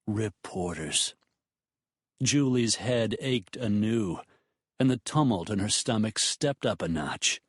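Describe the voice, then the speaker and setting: A man narrating a romance audiobook in a measured, expressive storytelling manner. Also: fairly low pitch, breathy edge, no room sound, studio quality.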